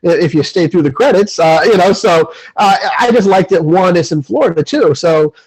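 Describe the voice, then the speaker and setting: A man's voice: high-pitched, moderate pace, slightly rough, poor audio. A man co-hosting a podcast, chatting casually about movies in a rambling, enthusiastic way with many fillers. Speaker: podcast co-host. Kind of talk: casual movie review chat.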